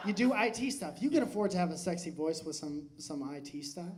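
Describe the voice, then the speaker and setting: A man's voice: high-pitched, fast, few pauses. A man doing stand-up comedy crowd work on a live stage, joking loosely, swearing and laughing often. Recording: noisy live club recording.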